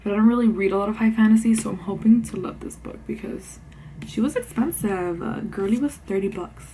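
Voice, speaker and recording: A young woman talks books in a bubbly, chatty way, a bit out of breath and full of fillers. Her voice sits at a middle pitch. Faint ambient noise hums behind her. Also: a little fast, mellow, rough recording. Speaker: book vlogger. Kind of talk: casual chat. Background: faint ambient noise, passing car.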